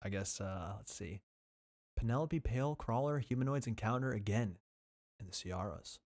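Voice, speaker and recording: A man co-hosting a podcast in a casual chat, relaxed and full of fillers like "like.". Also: lowish voice, normal speed. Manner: relaxed, filler-heavy with lots of "like". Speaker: podcast co-host.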